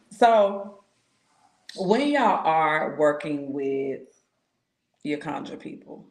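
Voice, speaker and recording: Slow, gravelly-voiced woman laughing through stories. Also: low-pitched, roomy sound. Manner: laughs often, animated storytelling, slangy. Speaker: tarot reader and spiritual consultant. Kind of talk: casual livestream chat with viewers.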